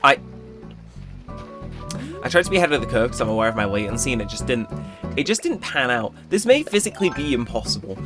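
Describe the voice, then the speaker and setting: A young man casually commenting on his gameplay, chatty and joking, now and then jumping into high-pitched exclamations. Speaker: gaming channel host. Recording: game music playing behind. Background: game music.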